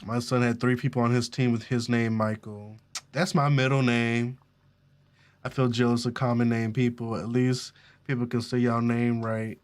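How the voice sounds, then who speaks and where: A man's voice: mid-range voice, flat delivery, moderate pace. A man casually commenting on a game he is playing, chatty, joking and profane. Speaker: gaming streamer. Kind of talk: casual let's-play commentary.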